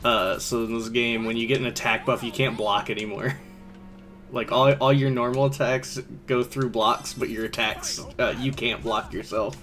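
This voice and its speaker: A man's voice: medium pitch, steady tone, moderate pace, music in the background. A man streaming a game, rambling in casual commentary and laughing often.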